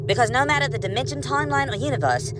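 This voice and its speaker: A woman's voice: high-pitched, lively intonation, rapid-fire, noisy background. A woman doing a bossy, impatient cartoon Spider-leader. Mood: lecturing. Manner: lecturing, impatient, swearing. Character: exasperated, bossy cartoon Spider-leader who cannot walk. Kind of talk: animated comedy sketch acting.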